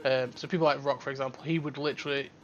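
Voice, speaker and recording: A man's voice: medium pitch, racing, highs cut off. A young man hosting a casual chat, rambling and swearing as he tells stories. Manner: rambling, swears a lot, animated storytelling. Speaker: podcast host. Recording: faint music underneath.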